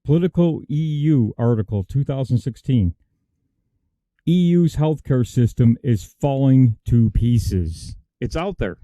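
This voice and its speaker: A man's voice: mid-range voice, lively intonation, unhurried, warm tone, no echo. A man, co-hosting a casual political talk show in an emphatic, indignant way.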